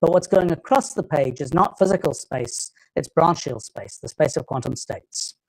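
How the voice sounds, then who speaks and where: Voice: medium pitch, expressive, moderate pace, vocal fry, rough recording. A lecturer with a British accent giving a live technical talk, often stopping and restarting phrases while thinking aloud.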